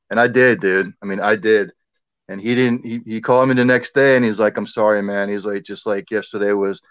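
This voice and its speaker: A man telling a personal story in a relaxed, conversational way, with many fillers and asides. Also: mid-range voice, no room sound, highs cut off. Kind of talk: casual storytelling.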